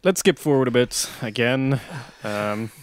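A man's voice: mid-range voice, animated, unhurried. A man bantering sardonically, with hesitant fillers. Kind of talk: casual banter.

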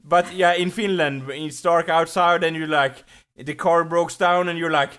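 A man from Sweden, a non-native English speaker, chatting casually and telling animated stories with hesitant restarts. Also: fairly high pitch, normal speed, clear, resonant tone. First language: Swedish. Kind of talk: casual chat.

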